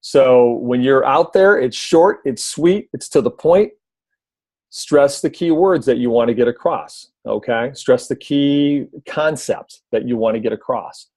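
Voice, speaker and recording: With a medium-pitched voice and a measured pace, a man gives conversational video pointers during a team call. He uses plenty of fillers and restarts, briefly mimics a loud announcer, and the audio is dry.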